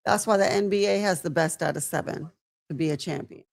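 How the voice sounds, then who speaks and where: A woman co-hosting a live wrestling watch-along, chatting casually and reacting with excited exclamations. She is from California. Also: lowish voice, brisk, gravelly. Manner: animated, exclaims and laughs at the action. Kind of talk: casual live-stream chat.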